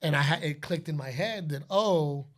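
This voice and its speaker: A middle-aged podcast host with a fairly high pitch speaks at normal speed. His casual chat turns into lively stories where he plays out quotes and announcer calls.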